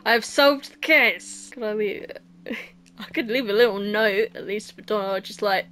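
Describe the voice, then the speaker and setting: A woman's voice: medium pitch, moderate pace, fairly bright tone, slight background noise. A young woman playing a horror game and commenting, joking sarcastically and giggling often. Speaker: let's play host.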